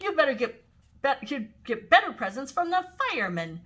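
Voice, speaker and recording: An older woman voices a loud, bossy girl who hollers her indignation with a high, swooping voice. Her tone is bright and sharp. She is a storybook character read aloud. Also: very animated, normal speed, full character voice. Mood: indignant.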